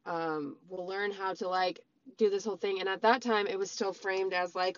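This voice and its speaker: A woman's voice: mid-range voice, steady tone, normal speed. A woman casually telling her own story straight to her viewers, rambling, with many "like" and "um" fillers. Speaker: storyteller recounting a relationship. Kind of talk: casual personal storytelling to camera. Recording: slightly dull lo-fi sound.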